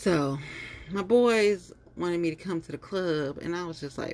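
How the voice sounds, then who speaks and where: A woman's voice: on the low side, a little slow, darkish tone, slight background noise. A woman ranting bluntly and heatedly in casual commentary, cursing freely and repeating herself with lots of fillers. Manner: fillers and repetitions. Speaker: vlogger.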